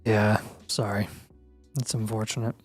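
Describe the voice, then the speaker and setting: A man's voice: fairly low pitch, little pitch movement, unhurried, no echo, soft background music. A man co-hosting a casual livestream, dropping dry, teasing asides. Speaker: co-host of a fantasy football livestream.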